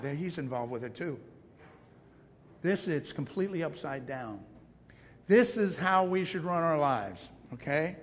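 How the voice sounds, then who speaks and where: A male pastor delivering a sermon, passionate and emphatic, with self-deprecating asides. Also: sits high. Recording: long hall reverb.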